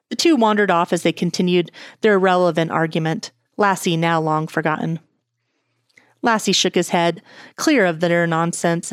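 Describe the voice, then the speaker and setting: A woman reading fan fiction aloud in an even, clear storytelling manner, on a close microphone. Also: lowish voice, no room sound. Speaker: audiobook reader.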